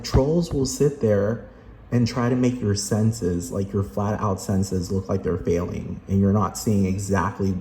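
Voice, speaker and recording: Low-voiced man ranting profanely. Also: mellow. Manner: emphatic, rambling, repetitive. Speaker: vlogger. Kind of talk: profane rant. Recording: roomy echo, faint hum.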